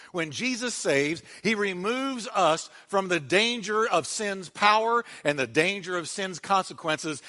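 A man preaching a sermon as pastor, dramatic, dropping to a hush on quiet words and leading the congregation in call-and-response. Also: high voice, big-room sound.

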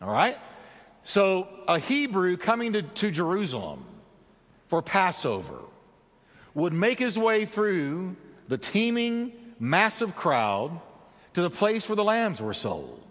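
A man preaching a sermon as pastor, with dramatic delivery that slows down for emphasis. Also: huge pitch swings, a bit bright, in a large hall. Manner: dramatic preaching with big swings in pitch and slowed emphasis.

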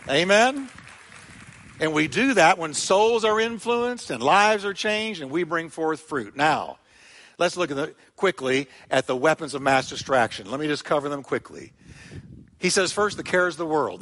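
Pastor guy preaching, slightly high voice, gets loud and worked up telling the story, big hall echo. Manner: animated storytelling, building to loud emphatic peaks. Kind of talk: sermon. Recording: long hall reverb.

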